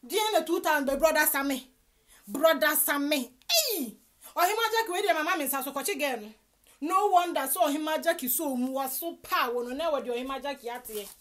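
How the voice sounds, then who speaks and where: A Ghanaian woman giving animated gossip commentary, mixing Twi and English with loud exclamations. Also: sits high, fairly quick.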